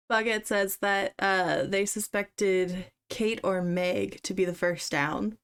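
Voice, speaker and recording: A woman co-hosting a casual chat about a horror game, relaxed, laughing along and reading out chat. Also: medium pitch, slow, smooth. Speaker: co-host.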